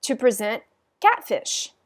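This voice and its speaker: Higher-voiced woman teaching French. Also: sing-song. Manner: patient, explains slowly with frequent ums, models French phrases. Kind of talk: recorded lecture for students.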